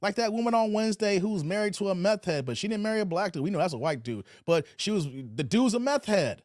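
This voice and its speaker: A man's voice: high-pitched, expressive, fast talker, darkish tone, no room sound, studio quality. A man hosting a livestream commentary, preachy and repetitive, often tacking "man" onto his lines. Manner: preachy, repeats phrases, drawls "man". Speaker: commentary channel host.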